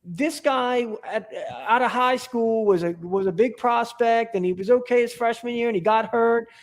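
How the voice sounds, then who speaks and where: Man, high voice, casual podcast chat, enthusiastic, rambling, stop-start. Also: normal speed. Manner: rambling, enthusiastic, many restarts and fillers. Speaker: podcast guest.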